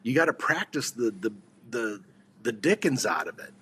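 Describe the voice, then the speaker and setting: A man's voice: medium pitch, very animated, normal speed, fairly bright tone, slight background noise. Rambling man coaching on sales. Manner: rambling, repeats words and restarts, asks listeners questions. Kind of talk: casual podcast conversation.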